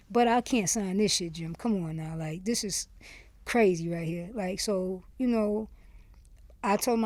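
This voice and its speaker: A woman from Miami, a podcast guest telling a story in a candid, animated way, acting out quoted dialogue. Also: mid-range voice, no room sound. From Miami, USA. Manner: candid and animated, acts out quoted dialogue, lots of "you see what I'm saying". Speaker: podcast guest, former rapper. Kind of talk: casual storytelling in an interview.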